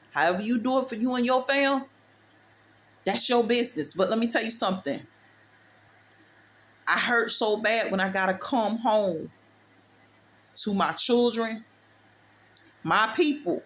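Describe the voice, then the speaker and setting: In a mid-range, fairly bright voice, a woman delivers her testimony in a preachy, motivational way. Emphatic and repetitive, she calls the listener "baby" and leans on street-talk phrasing.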